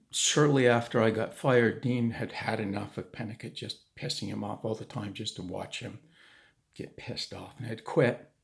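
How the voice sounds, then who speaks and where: A man's voice: on the low side, vocal fry, a little mellow. A man telling a true story in a casual, conversational way, with restarts and asides.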